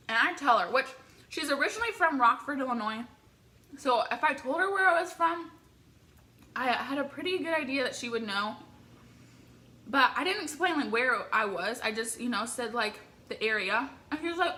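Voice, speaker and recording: A young woman from the Midwest telling an excitable, rambling story with many filler words while eating on camera. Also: sits high, brisk. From American Midwest. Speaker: vlogger.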